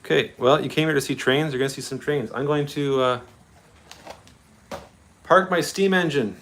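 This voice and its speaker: A man hosting a model railway livestream, chatty and excitable, greeting viewers by name and laughing often. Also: a little high, moderate pace, slight background noise. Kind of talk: casual live-stream chat with viewers.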